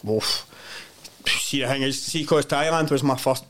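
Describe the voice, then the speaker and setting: A man with a Scottish accent, a podcast guest chatting casually and telling animated, sweary stories. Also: medium pitch, unhurried. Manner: swears freely, animated storytelling. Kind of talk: casual chat.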